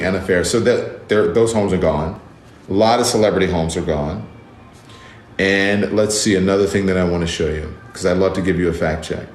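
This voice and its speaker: A man's voice: deep voice, brisk, faint music behind. A man giving casual, emphatic commentary as host of his own show, indignant and repeating words for stress. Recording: roomy echo.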